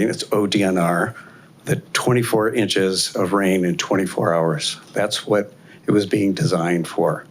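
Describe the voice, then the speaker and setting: An older man from Ohio giving a blunt, halting public comment at a city council meeting, speaking at a podium microphone. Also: sits low, slight background noise. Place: council chamber.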